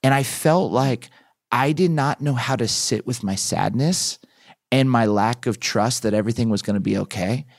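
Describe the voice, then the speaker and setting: Animated man telling a story, dry sound. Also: medium pitch, moderate pace, creaky, no echo. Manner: animated storyteller who acts out his own past lines. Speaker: pastor and author, podcast guest. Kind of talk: storytelling in a podcast interview.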